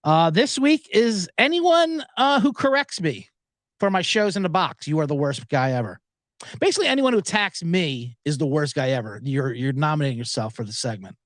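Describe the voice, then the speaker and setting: Lively, profane American podcast man. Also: fairly high pitch, normal speed, no echo. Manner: self-deprecating, profane, digressive. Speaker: podcast host. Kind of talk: rambling solo podcast monologue. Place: small booth.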